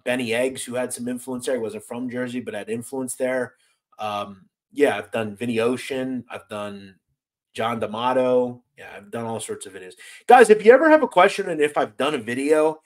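An American man hosting a casual livestream, reading chat comments aloud and answering them bluntly, swearing freely and sounding exasperated. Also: medium pitch. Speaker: host reading live chat.

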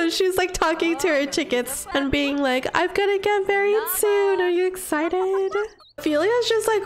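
High-voiced excitable woman gamer. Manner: excitable and gushing, with squeals and laughs. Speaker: gaming video creator. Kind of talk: casual let's-play commentary.

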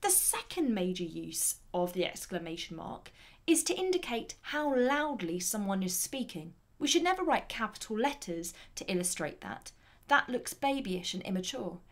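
A woman with a mid-range voice teaches a grammar lesson, explaining things clearly and deliberately. She reads the example sentences aloud with lively emphasis.

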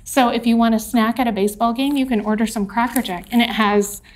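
A woman's voice: fairly high pitch, steady tone, quick pace. A woman teacher leading a cheerful, patient lesson for young children, coaxing them along.

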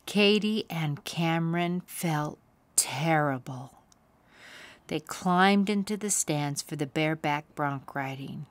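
A woman reading a children's picture book aloud as a storyteller, with expressive, animated delivery. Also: deep voice, takes it slowly, no echo.

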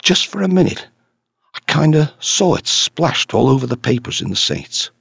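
A man's voice: mid-range voice, sing-song, normal speed, creaky, fairly bright tone, slightly rough, no echo, studio quality, pitched above the performer's own voice, full character voice. A man reading the part of a brash, talkative male journalist in an audiobook, eager and insistent.

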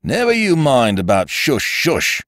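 A man voicing a stolid, severe male village constable who speaks bluntly and gruffly. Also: medium pitch, huge pitch swings, a little slow, no room sound, clean studio sound, voice pushed up. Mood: insistent.

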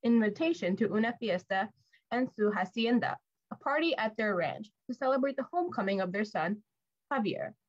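A woman reading a storybook, voicing a cold, jealous stepmother who speaks in sharp, commanding tones. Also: medium pitch, lively intonation, moderate pace, lo-fi sound, natural voice. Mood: scheming.

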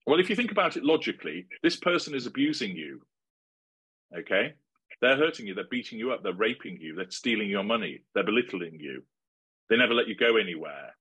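A middle-aged man speaks in a very low, husky voice. He answers interview questions in a measured, assertive way, laying out his points like a lecture. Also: very animated, sharp tone. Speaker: interviewee giving advice.

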